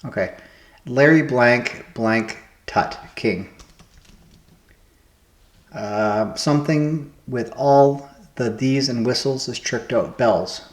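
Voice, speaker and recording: Man, puzzle-solving host, mid-pitched, thinking aloud, guessing answers, roomy echo. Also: slow, long pauses. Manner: musing, trial-and-error guessing of answers aloud. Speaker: host playing word puzzles.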